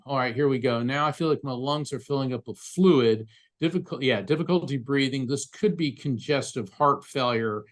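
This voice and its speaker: This is a man with a medium-pitched voice, a psychic medium being interviewed as a guest. The conversation is relaxed, and he speaks earnestly while recounting animated stories.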